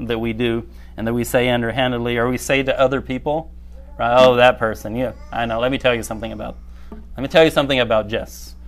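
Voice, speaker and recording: A man's voice: medium pitch, a bit bright. A man giving a conversational sermon, often checking in with the listeners and acting out everyday reactions. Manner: conversational, repeatedly asking "right?"; reads checklist aloud, acts out quoted reactions.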